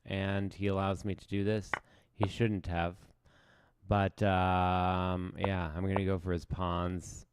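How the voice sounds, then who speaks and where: A man's voice: low voice, level tone, slow, clean tone, no room sound, studio quality. A man streaming chess live, thinking aloud as he plays in a casual, self-mocking way. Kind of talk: casual live game commentary.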